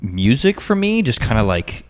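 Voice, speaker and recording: A man's voice: mid-range voice, very animated, normal speed. A young man co-hosting a podcast, speaking casually and hesitantly, full of fillers and trailing thoughts. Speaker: podcast co-host. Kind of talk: casual chat.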